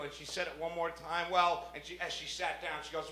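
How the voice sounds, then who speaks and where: A stand-up comedian from the Bronx with a New York accent, telling a brash, profane story on a club stage. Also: male voice, fairly high pitch, moderate pace, few pauses, bright, forceful tone. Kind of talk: stand-up set. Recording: echoey, noisy club recording. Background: audience laughter.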